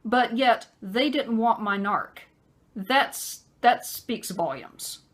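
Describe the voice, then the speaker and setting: A woman telling a personal story in a conversational vlog, with many fillers and pauses. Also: a little high, lively intonation, fairly bright tone. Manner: acts out a harsh man's voice in quotes. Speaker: vlogger.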